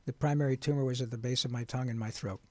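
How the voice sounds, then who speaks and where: A man, a voice actor, telling his story in an interview in an earnest, animated and frank way. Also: medium pitch, very fast, dry recording. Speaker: guest voice actor.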